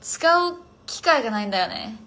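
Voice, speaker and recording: A woman's voice: high-pitched, animated, rapid-fire. Rambling young woman on a phone livestream. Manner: rambling, filler-heavy, often trailing off quietly. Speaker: livestreamer chatting with viewers. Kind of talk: casual chat.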